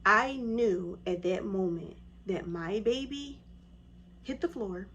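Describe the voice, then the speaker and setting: A woman at an ordinary medium pitch tells her story straight to camera in a relaxed, chatty way. She gets animated and pushes her voice high when she quotes other people. A soft hiss sits faintly under the recording. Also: slow, muffled recording. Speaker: vlogger telling her birth story.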